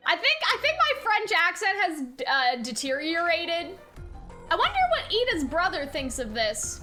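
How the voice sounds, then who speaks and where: Casual woman streamer, very high, animated voice. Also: unhurried, faint music behind. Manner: chatty, giggly, thinking aloud. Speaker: streamer reacting to a game. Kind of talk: casual reaction commentary.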